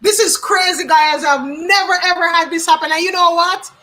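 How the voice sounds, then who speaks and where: A woman's voice: very high-pitched, fairly even intonation, moderate pace, sharp tone. A woman from Jamaica, giving a live psychic card reading and musing aloud, often repeating names and phrases. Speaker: tarot card reader.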